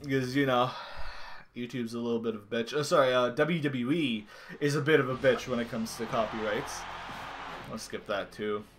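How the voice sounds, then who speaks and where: A young man commenting casually while playing a video game at home, swearing and yelling at the screen. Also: medium pitch, fairly even intonation, normal speed, background noise. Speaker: gaming channel host. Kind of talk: casual let's-play commentary. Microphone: desk microphone.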